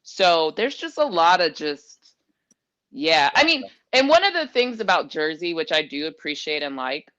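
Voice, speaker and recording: A woman's voice: lowish voice, sing-song, moderate pace, fairly bright tone, dry recording, muffled recording. A woman co-hosting a casual basketball talk show, conversational and teasing, thinking aloud with fillers as she weighs a player. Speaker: podcast co-host. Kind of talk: casual sports chat.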